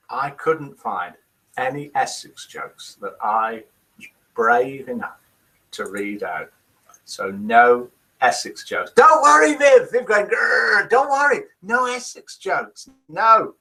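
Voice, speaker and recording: A man's voice: on the high side, sharp tone. A man hosting a casual live stream, reading out viewers' comments and guesses aloud. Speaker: host of a live daily chat stream.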